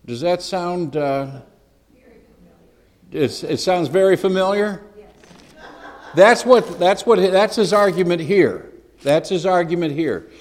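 A man, a pastor, teaching a sermon in an animated, emphatic and conversational way. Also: high voice, slow pace, pauses often, big-room sound.

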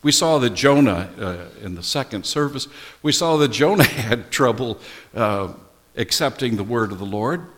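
A man preaching a sermon as pastor, speaking slowly and deliberately. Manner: slow, deliberate preaching with animated pitch. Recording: long reverb of a large hall.

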